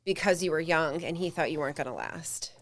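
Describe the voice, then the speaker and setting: A woman hosts a casual interview and leads her guest through his story with prompts. Her voice is on the lower side for a woman, and the recording is dry and close. She is encouraging and sums up his points in her own words. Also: a little fast, a bit bright, no room sound. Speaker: podcast host.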